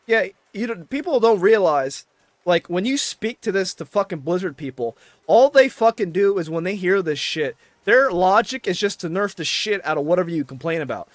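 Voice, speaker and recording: A man's voice: on the high side, lively intonation, normal speed, no echo. A man ranting in casual chat, exasperated and swearing constantly.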